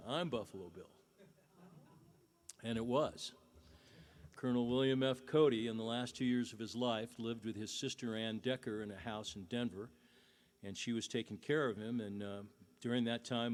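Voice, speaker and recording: Between songs at a concert, a middle-aged singer-songwriter tells a folksy family story, chuckling now and then. His voice is fairly low-pitched.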